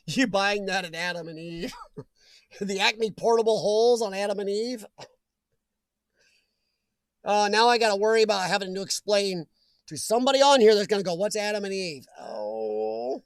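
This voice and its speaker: A man's voice: sits high, big pitch swings, a little slow, pauses often, fairly bright tone, no echo. A middle-aged man hosting a casual live chat stream, reading viewer comments with jokey asides and frequent laughter. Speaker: livestream host.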